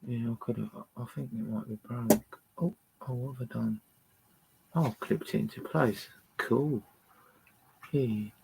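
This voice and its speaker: A man's voice: medium pitch, a little slow, gravelly, heavy background noise. A man hosting a casual livestream from a boat, ranting angrily and swearing at viewers between records. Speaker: livestream host playing records. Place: indoors on a boat.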